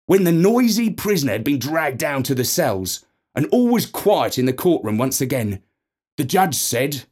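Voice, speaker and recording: A man narrating a storybook in an expressive, playful reading. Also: on the high side, measured pace.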